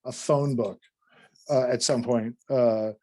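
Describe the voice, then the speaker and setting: A man from North Carolina with a mid-range voice takes it slowly while telling a long story as a podcast guest. His delivery is animated and meandering, with casual profanity and lots of restarts.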